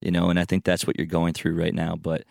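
A man's voice: low-pitched, monotone, quick pace, vocal fry, a little mellow, no room sound, clean studio sound. A laid-back male host from Canada, chatting casually and saying "dude" and "you know" often. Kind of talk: casual conversational interview. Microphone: handheld mic, passed around.

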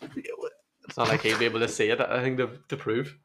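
A man's voice: mid-range voice, little pitch movement, moderate pace, background noise. A young man, co-hosting a podcast, telling anecdotes casually, swearing and laughing at his own stories. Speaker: podcast co-host. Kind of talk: casual storytelling chat.

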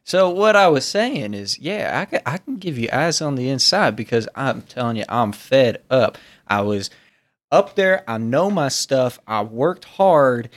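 A man's voice: mid-range voice, expressive, a little slow, fairly bright tone. A man voicing a sweaty, portly, nervous defector with a folksy Southern-style drawl, rambling and pleading. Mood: jittery.

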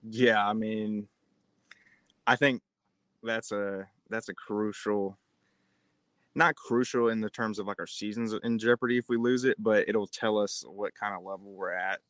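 A man's voice: on the low side, fairly even intonation, unhurried, a bit bright, no room sound. A male podcast co-host in a casual sports chat, hedging and thinking aloud.

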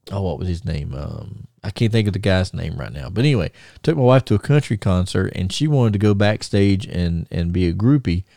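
A man's voice: sits low, gravelly, dark tone, dry recording, clean studio sound. A middle-aged man, co-hosting a podcast and telling rambling stories full of fillers and restarts. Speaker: podcast co-host. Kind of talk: casual storytelling.

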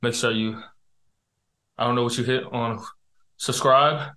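Young male co-host, bright tone, quick laughs and slang. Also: mid-range voice, steady tone. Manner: laughs often, slangy and profane. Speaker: podcast co-host. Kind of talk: casual chat.

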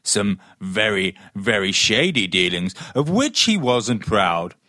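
A man narrates a holiday audio play slowly and theatrically. His voice is low yet bright and sharp, and it moves lively across its range, recorded dry and close. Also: dry recording. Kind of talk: storybook narration.

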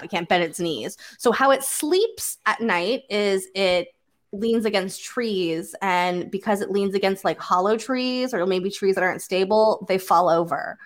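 A woman's voice: mid-range voice, noisy background. A woman hosting a podcast in casual group chat, explaining things in a chatty way full of fillers. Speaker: podcast host.

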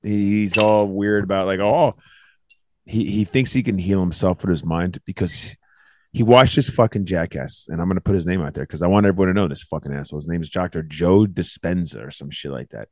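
Man, lowish pitch, rapid profane storyteller, dry recording. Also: dry recording. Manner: profane, animated storytelling with acted quotes. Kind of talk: casual chat.

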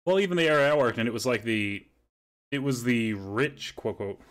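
A man's voice: medium pitch, animated, normal speed, a bit bright. A young man hosting a podcast, telling rambling stories in casual chat and swearing freely. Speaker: podcast host.

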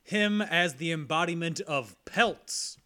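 A woman making wry, deadpan quips about movies at an unhurried pace. Her voice is bright and crisp, and her pitch swings widely. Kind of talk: casual movie chat.

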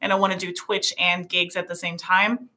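A woman's voice: on the low side, little pitch movement, moderate pace, sharp tone. A woman with a European accent whose first languages are Portuguese and German, chatting earnestly and self-deprecatingly as an interview guest, often restarting her sentences. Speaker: streamer and musician guest. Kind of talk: casual interview chat.

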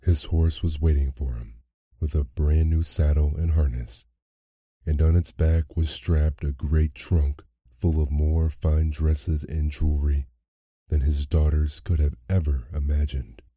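A man narrating a bedtime story in a soft, unhurried way. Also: a bass voice, little pitch movement, breathy edge, no echo, studio quality. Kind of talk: slow bedtime story reading.

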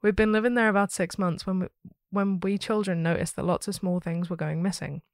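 A woman hosting a story podcast, reading a listener's ghost story aloud with steady, expressive storytelling. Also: medium pitch, a little fast, dry recording, clean studio sound.

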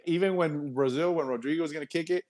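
A man chatting about soccer on a podcast, speaking in measured phrases that he often repeats. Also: a little high, darkish tone. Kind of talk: casual sports chat.

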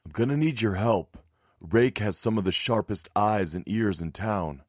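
A man's voice: on the low side, normal speed, no echo, clean studio sound, pitched above the performer's own voice, natural voice. A man voicing a tense, serious grown man with neck scales who speaks in clipped, steadying tones. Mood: resolute.

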